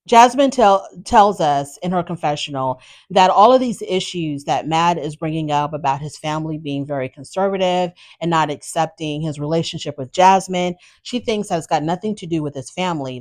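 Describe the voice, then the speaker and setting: A woman hosting a podcast, casually recapping a reality show with blunt, animated opinions and exasperated asides. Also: low-pitched. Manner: animated, exasperated, talks straight to the subject.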